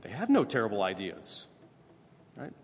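A man with a somewhat low voice delivers a sermon in a relaxed, conversational way. He keeps checking in with listeners by asking "right?" The sound carries a long hall reverb over faint room noise. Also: moderate pace. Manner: conversational preaching, frequent "right?" asides. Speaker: pastor.

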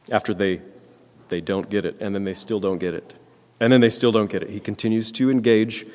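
A man preaching a sermon, earnest and emphatic, repeating his points and clearing his throat often. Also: fairly low pitch, darkish tone, big-room sound. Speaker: pastor.

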